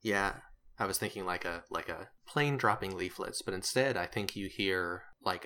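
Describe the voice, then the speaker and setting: Game master, male, low voice with a bright edge, rambling and self-correcting narration. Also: unhurried.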